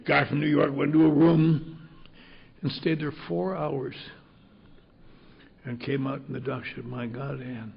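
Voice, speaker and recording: A man's voice: on the high side, steady tone, a little slow, creaky, pauses often, breathy edge, highs cut off. An older man speaking at a recovery convention, telling a story bluntly with salty humor. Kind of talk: storytelling talk. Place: convention hall.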